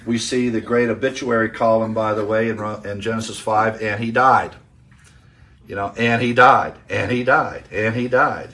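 A man preaching an expository sermon in a teacherly way, quoting scripture and pausing with frequent fillers. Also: fairly low pitch, a bit bright. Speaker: pastor.

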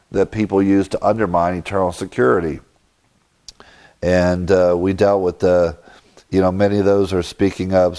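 A pastor with a low, dark voice preaches a sermon, methodically working through a Bible passage verse by verse and explaining the Greek grammar, with occasional fillers.

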